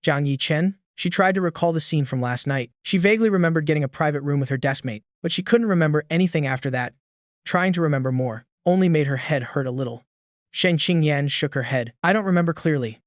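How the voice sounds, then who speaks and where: Brief: male storyteller, a bit high, dry close mic, steady reading. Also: fast, no room sound. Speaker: narrator. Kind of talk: scripted story narration.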